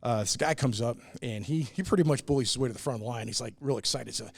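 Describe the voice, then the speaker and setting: A man's voice: mid-range voice, quick pace, vocal fry, slight background noise. A middle-aged American man, a brewery owner, telling stories in a casual interview, earnest and full of "uh"s. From United States. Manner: earnest, many "uh"s, acts out quoted people. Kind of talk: casual storytelling in a podcast interview.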